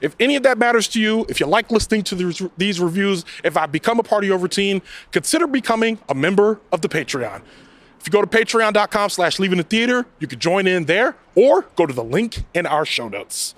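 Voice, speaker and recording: A man hosting his own podcast, giving a casual, chatty movie review with loud bursts and exasperated asides. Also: high-pitched, animated, brisk. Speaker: podcast host, film reviewer.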